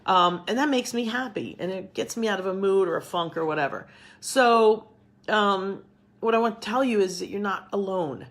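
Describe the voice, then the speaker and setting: A woman's voice: mid-range voice, fairly bright tone. A middle-aged woman who teaches cooking, talking to camera at home in a chatty, rambling, upbeat way. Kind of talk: casual talk to camera.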